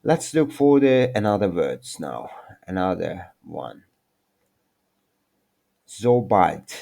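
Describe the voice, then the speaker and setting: Male tutor, low voice, unhurried and self-correcting, casual lesson. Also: very animated, gravelly, dark tone. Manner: halting, self-correcting, apologetic non-native English. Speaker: language teacher. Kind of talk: informal screen-share language lesson.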